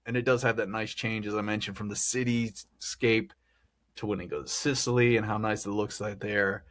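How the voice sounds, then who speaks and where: Male podcast host, slightly low voice, loose chatty delivery with frequent laughs. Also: fairly even intonation, moderate pace, fairly bright tone. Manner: rambling, chatty, laughs often. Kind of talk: casual film discussion.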